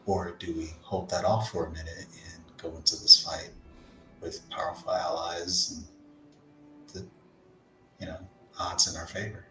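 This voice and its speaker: A man's voice: low voice, little pitch movement, moderate pace, pauses often, sharp tone, slight background noise. A man playing a tabletop game, earnestly arguing a plan with many hesitations. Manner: earnest, hesitant with many ums, reasoning aloud. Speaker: player. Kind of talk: in-character argument in a tabletop game. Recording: echoey room with music behind.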